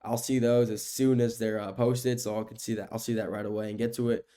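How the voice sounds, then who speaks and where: A young American man hosting a sports podcast alone. He rambles in casual chat, repeats himself and uses a lot of fillers, and he gets excited when he talks about the games. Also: lowish voice, a little fast. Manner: grows excited when talking about the game. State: sleepy, keeps yawning. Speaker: podcast host.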